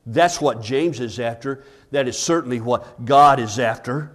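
A medium-pitched man speaks a little slowly as he preaches as pastor at a church service. Earnest throughout, he calls out "Amen?" to the congregation and drops his voice to a hush for storytelling.

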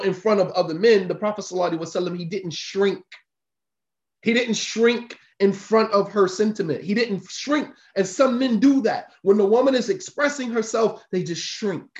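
A man giving an informal sermon, repeating his points emphatically in a conversational way. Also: high voice. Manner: repetitive, emphatic, conversational preaching. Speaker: religious teacher. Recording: roomy, dull lo-fi recording.

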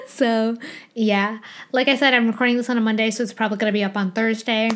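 A woman's voice: on the high side, fairly even intonation, quick pace. A young woman hosting her own podcast, chatting casually and gushing with frequent laughs. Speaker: podcast host. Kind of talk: solo podcast chat.

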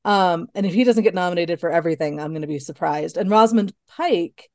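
A woman's voice: on the low side, brisk, darkish tone, no echo, studio quality. A woman co-hosting a podcast, chatting casually about movies, with frequent laughs and fillers. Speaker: podcast co-host.

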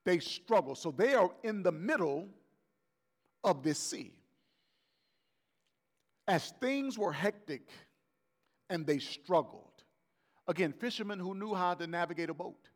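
A man's voice: high-pitched, lively intonation, unhurried, pauses often. A man, the pastor, preaching a conversational sermon and acting out the voices of biblical figures.

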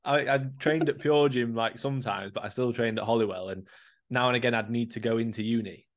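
A man's voice: mid-range voice, brisk. A young man telling stories in a casual chat. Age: young adult. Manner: chatty, storytelling with swearing and laughs.

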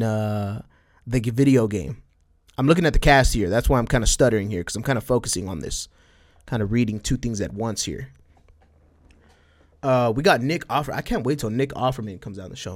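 A man's voice: mid-range voice, a little mellow. A man from El Paso with a Texas border accent and a slight Spanish twang, talking casually on a solo podcast and rambling through fillers and restarts. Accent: West Texas border, Spanish-tinged. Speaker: podcast host.

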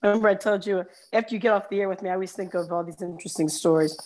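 A woman's voice: medium pitch, very fast, darkish tone. A woman chatting casually as a guest, rambling through stories and laughing easily. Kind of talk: casual chat and joke telling.

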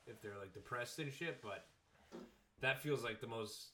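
A young man co-hosting a podcast, talking in a crude, animated, joking way. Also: mid-range voice, normal speed, a little hiss or hum. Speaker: podcast co-host. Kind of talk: casual chat.

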